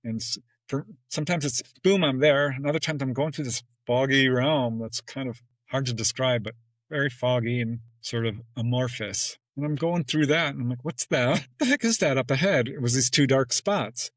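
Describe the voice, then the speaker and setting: A man talking as a podcast guest in casual storytelling, acting out quoted exchanges with sudden jumps in pitch and laughing often between phrases. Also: moderate pace, a bit bright, dry recording, low-quality recording.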